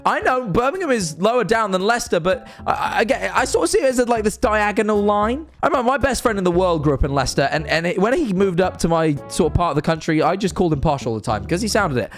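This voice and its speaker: A man's voice: high voice, animated, fast, few pauses, soft background music. A young man, rambling cheekily and animatedly to camera in a casual monologue. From northern England. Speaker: streamer and vlogger.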